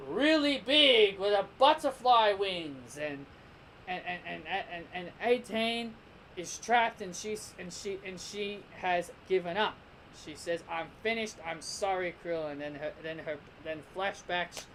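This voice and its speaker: A man's voice: high voice, a bit bright, slight background noise, low-quality recording. A man casually reviewing a cartoon episode, rambling and restarting his sentences. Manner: rambling, with many restarts and repeated "and".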